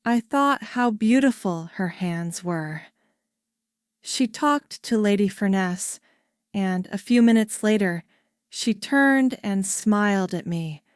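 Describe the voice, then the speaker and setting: Recorded dry and close, a woman with a clear, crisp, mid-range voice narrates a simple tale meant for language learners. Her reading is careful, slow, and evenly paced throughout.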